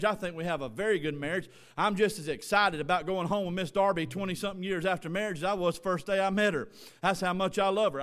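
High, bright-voiced preacher man. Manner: preaching with rising shouted emphasis. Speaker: pastor. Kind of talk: sermon.

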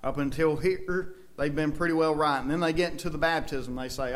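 A man's voice: a little high, fairly even intonation, a little fast, few pauses, fairly bright tone. A man with a Southern US accent preaching a sermon in a church, folksy and conversational, with emphatic outbursts.

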